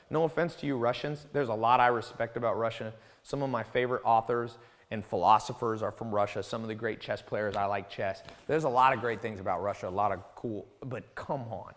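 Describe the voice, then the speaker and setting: This is a man hosting a mentoring call, lecturing off the cuff. He is blunt and ranting, his pitch and loudness swinging a lot. His voice rings out in a long reverb. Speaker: host of a mentoring live call.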